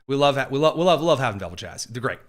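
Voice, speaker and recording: A man hosting a podcast, giving quick, sarcastic, rambling political commentary full of fillers. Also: mid-range voice, animated. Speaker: podcast host.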